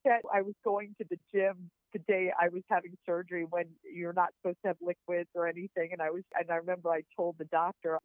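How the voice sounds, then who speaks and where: A woman's voice: lowish voice, flat delivery, quick pace, few pauses, dry recording. A woman guest on a podcast telling personal stories in an earnest, heartfelt, encouraging way. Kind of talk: personal storytelling over a call. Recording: tinny phone-line sound, dry.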